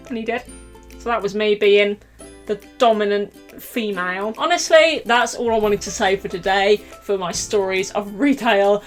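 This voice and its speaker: A young woman vlogger telling chatty storytime anecdotes, animated and giggly, acting out quotes loudly. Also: fairly high pitch.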